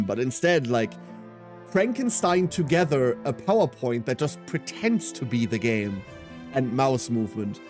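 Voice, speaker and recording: A man's voice: fairly high pitch, very animated, moderate pace, a little mellow, soft background music. A man in his thirties streaming a game, chatting casually and rambling with self-mocking humour as he answers chat. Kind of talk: casual live-stream chat while gaming.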